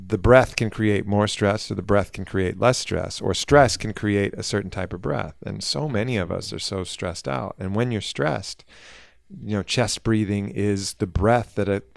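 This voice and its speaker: Male podcast host, low gravelly voice, easygoing interviewer. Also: unhurried, no echo, studio quality. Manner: relaxed, joking, asks guiding questions. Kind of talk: casual interview chat.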